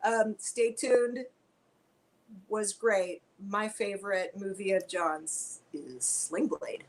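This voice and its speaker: A woman guest on a video-call Q&A, chatting in a lively, rambling way. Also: medium pitch, slow pace, low-quality recording. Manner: chatty, animated, tangents.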